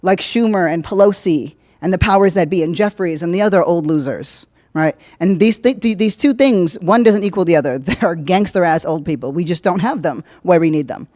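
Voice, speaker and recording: A podcast host talks fairly quickly and with few pauses, offering casual political commentary. She's jokey and profane, swinging from loud emphasis to low asides.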